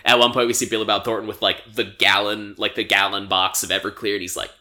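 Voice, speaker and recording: Young guy retelling a movie plot, kinda low voice but bright, lots of "like"s. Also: little pitch movement. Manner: rambling, filler-heavy storytelling with quick acted-out quotes. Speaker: podcast co-host. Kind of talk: casual chat, recapping a movie.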